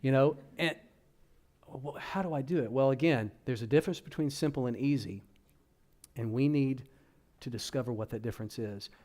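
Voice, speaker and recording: A man speaks to a room of parents at a church workshop. His tone is warm and mellow, and he talks to the crowd in a casual, direct way. His pitch sits in a middle range. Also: moderate pace. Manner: conversational, addresses audience directly. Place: church hall.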